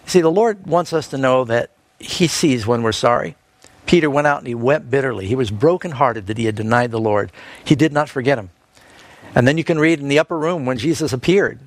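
A man preaching a sermon, telling a Bible story in a lively way with quick asides and scripture quotes. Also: medium pitch, no room sound.

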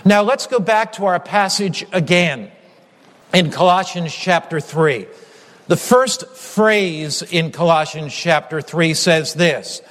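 A man's voice: a little high, slow, fairly bright tone, big-room sound. A male pastor preaching a sermon with an emphatic, repetitive cadence.

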